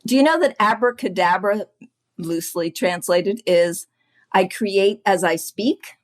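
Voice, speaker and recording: Animated woman coach with a chatty laugh. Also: mid-range voice, unhurried. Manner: animated, laughs often, acts out quotes. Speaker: podcast guest, business coach. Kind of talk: casual chat.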